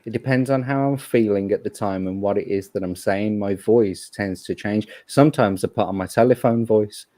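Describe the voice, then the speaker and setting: Brummie bloke on a livestream, low mellow voice, dry deadpan jokes, close dry mic. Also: male voice, moderate pace, dry recording. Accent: Birmingham English. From Birmingham, England. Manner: dry, joking, uses British slang. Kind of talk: casual chat.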